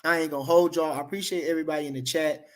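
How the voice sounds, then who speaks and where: A high-voiced man hosts a boxing livestream, chatting casually and reading comments at a racing pace with fairly even intonation. He's loose, repetitive, and slangy, repeating phrases for emphasis.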